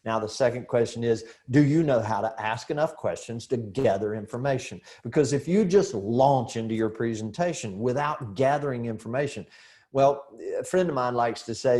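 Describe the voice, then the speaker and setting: A middle-aged man training real estate agents in a seminar, telling lively stories, acting out dialogue and putting rhetorical questions to the audience. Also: mid-range voice, normal speed. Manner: animated storyteller who acts out dialogue and asks rhetorical questions.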